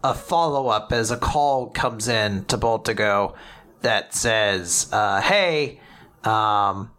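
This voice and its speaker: A man's voice: fairly low pitch, steady tone, takes it slowly, fairly bright tone. A man hosting a casual podcast chat, summarizing comic chapters in a chatty, filler-heavy way. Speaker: podcast host.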